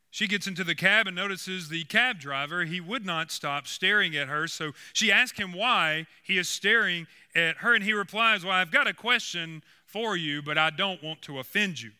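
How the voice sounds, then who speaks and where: A man's voice: a little high, bright, forceful tone, clear, resonant tone. A man preaching a sermon as pastor, earnest and building to emphatic points.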